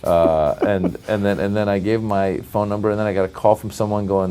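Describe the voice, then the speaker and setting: Low-voiced comedian telling animated stories. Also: male voice, fast, hardly any pauses, smooth. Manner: animated storyteller, laughs often, acts out quotes. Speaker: comedian, guest. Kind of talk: animated anecdote in an interview.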